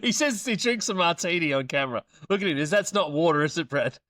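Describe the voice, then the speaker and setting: Bright, teasing Australian host. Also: male voice, a little high, lively intonation, fast, dry recording. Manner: upbeat, playful teasing. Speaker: podcast host. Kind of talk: casual sports chat.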